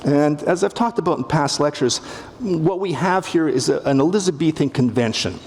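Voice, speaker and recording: A middle-aged literature professor with a Canadian accent speaks at a moderate pace in a slightly high, animated, somewhat mellow voice, with a little hiss or hum. He delivers a wry, humorous public lecture to a live theatre audience, acting out the quotes he cites. The big hall gives long reverb and faint ambience.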